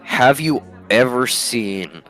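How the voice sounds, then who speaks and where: A man's voice: medium pitch, lively intonation, takes it slowly, fairly bright tone, soft background music. A man narrating as game master in a tabletop game, rambling with many fillers.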